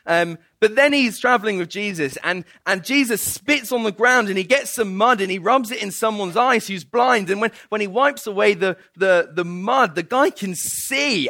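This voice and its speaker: A man preaching in a sermon, spinning a story with playful energy and frequent laughs. His voice sits a little high and has a bright, sharp edge. The recording is dry and close. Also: moderate pace, dry recording. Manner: animated and playful, often laughing.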